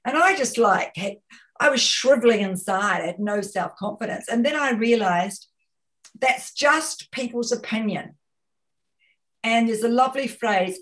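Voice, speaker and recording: A woman's voice: fairly high pitch, measured pace, a bit bright. Emphatic New Zealand woman speaker. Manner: emphatic, repeats key phrases, rhetorical questions. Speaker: guest speaker, communication consultant. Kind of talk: webinar talk.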